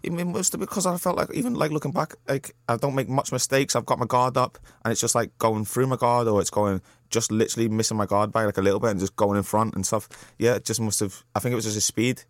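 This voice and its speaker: A young man, a professional boxer speaking candidly as a guest in a radio studio, halting with many fillers and restarts. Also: medium pitch, dry recording. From Liverpool, England. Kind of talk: candid interview talk.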